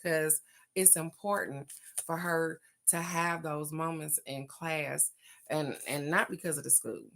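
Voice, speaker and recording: A woman's voice: low voice, fairly even intonation, unhurried, vocal fry, a bit bright. An older woman, chatting casually and folksily as a host, laughing often and stretching words for emphasis. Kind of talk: casual card-reading chat.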